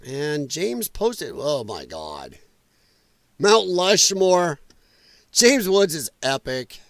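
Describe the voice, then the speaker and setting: A man's voice: on the high side, wildly swooping pitch, takes it slowly, dry recording. A man hosting a podcast livestream, rambling in casual commentary and reacting aloud to viewer chat. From United States. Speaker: podcast host.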